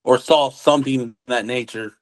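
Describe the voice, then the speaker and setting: A man, a witness, telling his story in a relaxed conversational way, acting out what others said and using casual military slang. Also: medium pitch, moderate pace, rough recording. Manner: acts out quoted dialogue, relaxed military slang. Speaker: witness recounting an encounter.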